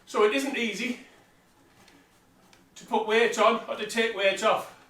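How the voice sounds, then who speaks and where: Man, high-pitched, slightly out of breath, plain-spoken, echoey distant recording. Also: steady tone, measured pace, bright, forceful tone. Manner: blunt, plain-spoken, talks while pedalling an exercise bike. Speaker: vlogger. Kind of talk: casual motivational talk. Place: indoor room with exercise bike. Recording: roomy sound from a distant mic.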